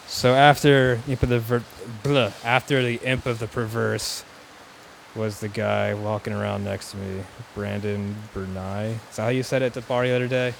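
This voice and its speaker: A man's voice: medium pitch, steady tone, normal speed, vocal fry, a little hiss or hum, poor audio. A man chatting casually outdoors, joking in an offhand way. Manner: joking, offhand, laughs between remarks. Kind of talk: casual chat.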